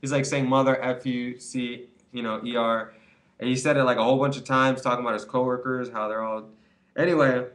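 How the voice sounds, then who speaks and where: A young man talks straight to the camera in a loose, rambling monologue. He restarts sentences, repeats himself and slips into other people's voices as he tells the story. His pitch sits in the middle for a man. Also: steady tone, fairly quick, a bit bright. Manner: rambling, repeats words, acts out quoted voices. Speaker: vlogger giving quit-weed advice.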